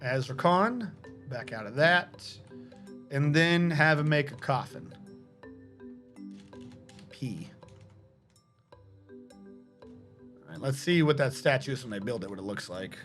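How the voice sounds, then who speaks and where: A man's voice: medium pitch, animated, slow, pauses often, a bit bright, soft background music. Profane man streaming a game. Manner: casual, profane, talks to chat. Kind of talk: live gameplay commentary.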